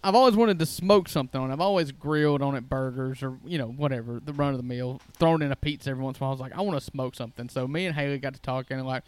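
A man's voice: medium pitch, rapid-fire, few pauses, darkish tone, smooth, no room sound. A man, co-hosting a podcast and telling folksy, jokey stories in casual chat. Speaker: podcast co-host.

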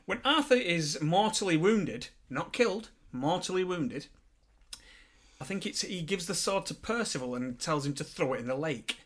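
A man's voice: fairly high pitch, animated, moderate pace. A man co-hosting a casual film review podcast, retelling stories with jokey mock outrage.

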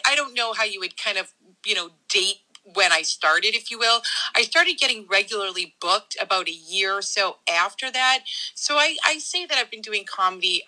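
A woman's voice: medium pitch, bright, forceful tone, low-quality recording. A woman, a comedian chatting as a guest, rambling casually with many fillers and self-corrections. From Dorchester, Massachusetts. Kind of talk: casual interview chat.

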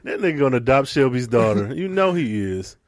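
A man's voice: mid-range voice, sing-song, brisk, no room sound, clean studio sound. A man co-hosting a podcast, chatting casually about a movie, laughing, swearing and exclaiming often. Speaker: podcast co-host. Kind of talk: casual chat, movie review.

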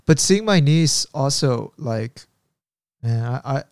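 A man's voice: medium pitch, animated, slow pace, a little mellow, clean tone, no room sound, clean studio sound. Rambling, reflective man chatting. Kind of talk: casual chat.

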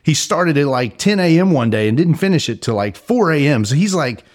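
A man co-hosting a podcast in a studio, speaking in a relaxed, casual way and laughing easily. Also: fairly high pitch, fairly quick. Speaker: podcast co-host.

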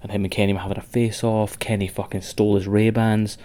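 With a warm voice on the low side and little pitch movement, a Scottish man speaks quickly as co-host of a wrestling podcast. His casual chat with a friend is rambling and sweary, and he laughs a lot.

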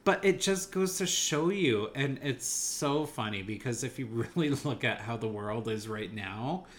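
A man's voice: medium pitch, lively intonation, measured pace. A man chatting casually about a movie he saw, enthusiastic and rambling, laughing now and then. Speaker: movie podcast co-host. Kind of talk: casual movie review chat.

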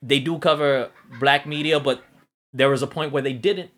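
A man's voice: mid-range voice, steady tone, moderate pace, fairly bright tone. A man in casual podcast chat, talking in a profane, rambling way with lots of restarts. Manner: profane, rambling, self-interrupting.

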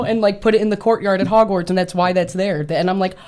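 A woman co-hosting a casual podcast chat, telling excited, profane stories about movies. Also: medium pitch, quick pace. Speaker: podcast co-host.

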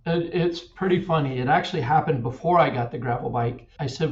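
A man's voice: medium pitch, brisk, few pauses. A middle-aged man from Kansas, a cyclist guest, telling his story earnestly, often repeating words. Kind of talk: casual interview. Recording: echoey distant dull-sounding mic.

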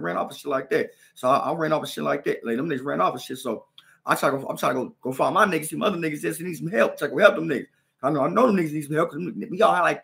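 Podcast host, young man, gravelly and higher-pitched, rapid casual storytelling full of sound effects. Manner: animated, acts out punches with sound effects; slang-heavy, repeats "you know what I'm saying".

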